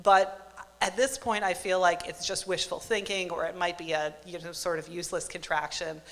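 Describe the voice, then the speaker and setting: Bright-voiced woman telling a story live. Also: on the low side, normal speed. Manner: wry, self-mocking, deadpan asides. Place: stage at a live event venue. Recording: live hall with long reverb.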